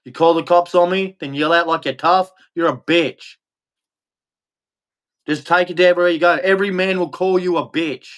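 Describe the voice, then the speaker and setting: A man's voice: high-pitched, fairly even intonation, normal speed, fairly bright tone. An Australian man delivering a bitter, profane, repetitive rant as a vlogger. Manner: bitter, profane, repeats himself. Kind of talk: angry ranting monologue.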